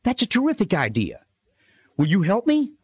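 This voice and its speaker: A man puts on an anxious young ewe for a storybook, her voice pitched far up and swooping through a wide melodic range. She sounds earnest and pleading, set against dry, close sound with no room echo. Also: huge pitch swings, normal speed, breathy edge, heavily acted. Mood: hopeful. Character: young female sheep, worried and pleading. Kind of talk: storybook character voice.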